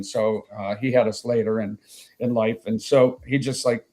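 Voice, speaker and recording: Here the same kind of speaker, a sixty-something man from Chicago, uses a fairly low, steady voice at a moderate pace. As an interview guest he spins lengthy stories full of fillers and side remarks.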